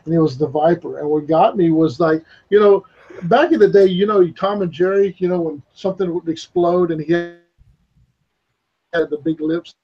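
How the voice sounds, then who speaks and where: A man's voice: sits high, normal speed, breathy edge, dull audio. A man hosting a casual podcast chat, rambling and swearing as he tells a story over an online voice call.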